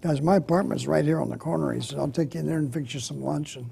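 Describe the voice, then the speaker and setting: Older man, comedian, folksy joke-telling, laughs at own punchlines, dark mellow tone, gravelly. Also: a little high, fast talker, slight background noise. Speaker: comedian guest. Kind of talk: telling jokes in a chat.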